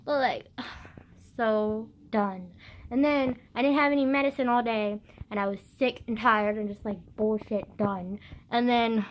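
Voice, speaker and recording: A woman's voice: a little high, steady tone, unhurried, a little hiss or hum. A teenage girl vlogging while congested with phlegm, retelling her school day in a dramatic rant full of swearing. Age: teens. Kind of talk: casual rant.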